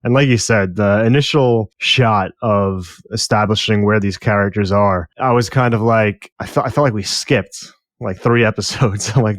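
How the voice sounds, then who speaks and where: Low-voiced male co-host, rambling casually. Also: moderate pace, few pauses, no echo, studio quality. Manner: rambling, full of "like" fillers. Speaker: podcast co-host. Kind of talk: casual review chat.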